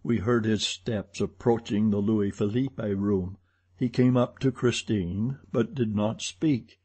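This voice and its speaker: Man, audiobook narrator, measured delivery, mellow tone, breathy edge. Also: on the low side, fairly even intonation. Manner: slow, measured reading. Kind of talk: scripted narration.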